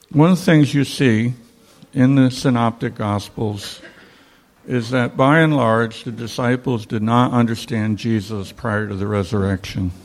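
Slow, gravelly-voiced male Bible teacher. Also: medium pitch, darkish tone. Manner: slow, reflective, with pauses and fillers.

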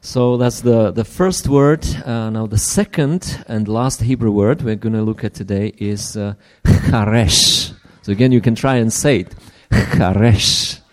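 A man preaching a sermon in English, which is not his first language. He speaks earnestly, often restarts, and drops to hushed asides. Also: on the low side, normal speed, hardly any pauses.

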